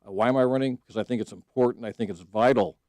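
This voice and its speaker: A man's voice: mid-range voice, very fast, dark tone, dry recording. Earnest middle-aged man, judicial candidate on radio. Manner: earnest storytelling, frequent restarts and fillers. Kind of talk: casual radio interview. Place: radio studio.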